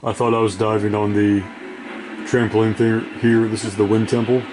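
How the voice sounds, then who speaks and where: This gaming creator, clearly short on sleep, keeps up a profane, self-mocking, meandering running commentary on the game he's playing. He speaks at normal speed in a lowish, flat voice over a noisy background.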